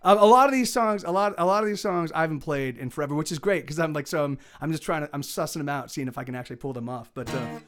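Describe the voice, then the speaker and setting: A man's voice: a little high, fast talker, few pauses, fairly bright tone. A middle-aged male musician streaming live, chatting casually between songs and rambling with many restarts. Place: home streaming setup.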